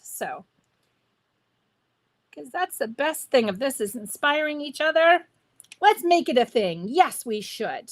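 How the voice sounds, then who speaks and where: A woman's voice: high voice, big pitch swings, takes it slowly, pauses often. A woman hosting a live crafting stream, chatting with viewers in a bubbly, enthusiastic way while she works. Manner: talks to viewers while working. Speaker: craft livestream host. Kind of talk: live crafting demo chat.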